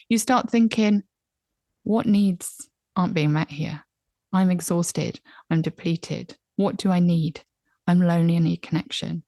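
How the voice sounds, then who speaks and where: A woman talks openly as a podcast guest. Her lowish voice carries a gravelly fry, recorded dry and close. She often slips into quoting her own inner thoughts with animation. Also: normal speed, no room sound. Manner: candid, expressive, acts out her own inner voice. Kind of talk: conversational interview. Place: home, on a laptop call.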